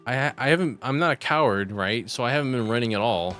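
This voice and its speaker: A man's voice: mid-range voice, lively intonation, quick pace, a bit bright, soft background music. Chatty man streaming a game. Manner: chatty, reacting and reading chat. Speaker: gaming streamer. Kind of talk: casual live commentary.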